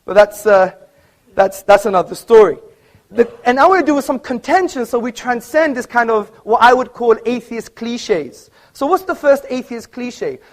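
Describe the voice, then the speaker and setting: Emphatic man debating in an auditorium. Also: very high-pitched. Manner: argumentative, emphatic, cites books. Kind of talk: public debate speech. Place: auditorium with live audience.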